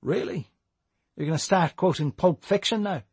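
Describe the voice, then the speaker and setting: A man's voice: high-pitched, moderate pace, darkish tone, breathy edge, dry recording, voice pushed up. Man voicing a curt, exasperated young robber. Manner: curt, irritated. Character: exasperated young male robber, the sharper friend.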